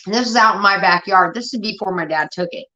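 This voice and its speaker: A young woman telling rambling, profane stories in casual chat, getting animated as she retells them. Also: mid-range voice, fast. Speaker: show host. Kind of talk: casual storytelling rant. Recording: dull lo-fi stream audio.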